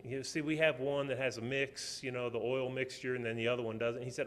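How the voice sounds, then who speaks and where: A middle-aged man with a drawl delivers a sermon from the pulpit. He tells personal stories, rising to loud, emphatic stretches and then sinking to a quiet, soft voice. His voice sits at an ordinary middle pitch for a man. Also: steady tone, fast talker, few pauses. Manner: storytelling, swings from loud to soft. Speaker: preacher.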